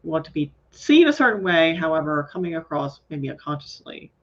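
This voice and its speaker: Woman host, low voice, conversational interviewer; dull video call audio. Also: very animated, brisk, a bit bright. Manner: conversational, affirming with mm-hmms. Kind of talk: casual live-stream chat.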